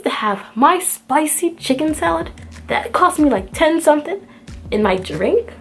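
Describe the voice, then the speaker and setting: A young woman from the United States telling a storytime to her viewers in an exasperated, animated way, acting out both sides of the argument. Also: high voice, measured pace. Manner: animated, exasperated, acts out the dialogue. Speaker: vlogger. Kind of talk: storytime rant.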